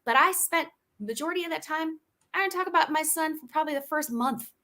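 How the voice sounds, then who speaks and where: A woman guest, a homeschool mom and author, telling her story candidly in an interview, animated and full of restarts. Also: high-pitched, quick pace.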